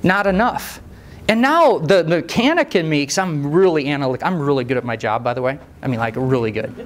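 A man who trains mechanics, telling a story in a live talk, conversational and animated, with rhetorical questions and asides. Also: fairly high pitch, a little fast. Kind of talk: storytelling presentation to a live audience.

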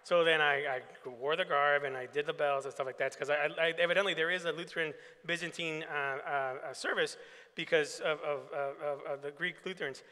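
A man's voice: a little high, steady tone, fairly quick, pushed and bright. A man, a pastor, giving a keynote and telling anecdotes, acting out the dialogue in them. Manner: anecdotal, acts out quoted dialogue. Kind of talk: keynote storytelling to an assembly. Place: large assembly hall. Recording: long hall reverb.

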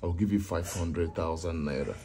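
A man's voice: deep voice, moderate pace, dark tone, slight background noise. An actor with a Nigerian accent playing a desperate young man who keeps begging and coaxing his girlfriend. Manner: pleading, coaxing. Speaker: pleading boyfriend. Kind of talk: Nollywood drama acting.

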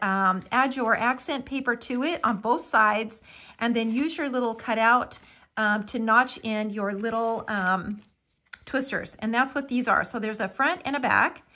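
A woman with a slightly high voice leads a live papercraft tutorial. She chats along easily as she works, filling pauses with ums and calling everything little and cute. She sounds middle-aged. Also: bright, forceful tone. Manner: chatty and homey, fond of "little" and "so cute", with frequent ums. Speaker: craft tutorial host.

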